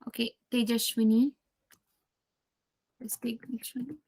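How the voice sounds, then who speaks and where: A woman's voice: fairly high pitch, flat delivery, takes it slowly, darkish tone, breathy edge. A woman teaching a live programming class, repeating key steps and quizzing her students as she goes. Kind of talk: live coding lesson.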